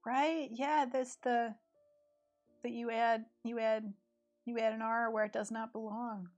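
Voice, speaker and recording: A woman's voice: a little high, gravelly, highs cut off. Chatty woman with an East Tennessee accent. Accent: rural East Tennessee. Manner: chatty, thinks aloud while sketching. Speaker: artist streaming live. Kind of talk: casual live-stream chat while drawing. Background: faint background music.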